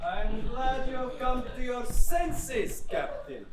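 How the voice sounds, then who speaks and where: A male student actor playing a menacing submarine captain on stage, in a slow, gloating voice, recorded from far off in an echoey hall. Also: very high-pitched, very animated, noisy background, exaggerated voice. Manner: slow, gloating, mock-polite. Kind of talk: amateur stage acting. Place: theatre stage. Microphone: distant audience camera.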